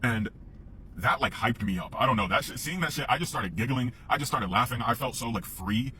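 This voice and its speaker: A man's voice: medium pitch, animated, fairly quick, sharp tone, a little hiss or hum, poor audio. A man telling a casual, rambling story to camera, swearing freely and often laughing.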